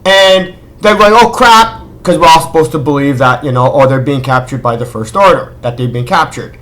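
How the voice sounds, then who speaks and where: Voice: medium pitch, animated, fairly quick, fairly bright tone. A film critic vlogger ranting casually, sarcastic and exasperated, firing rhetorical questions and scolding the director directly. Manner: rhetorical questions, repeated disbelief.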